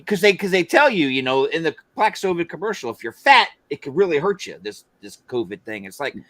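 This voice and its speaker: A man's voice: a little high, fairly quick, dry recording. A man from Georgia, co-hosting a casual chat and rambling through his points with many restarts. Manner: animated, rambling with repeated restarts. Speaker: podcast co-host.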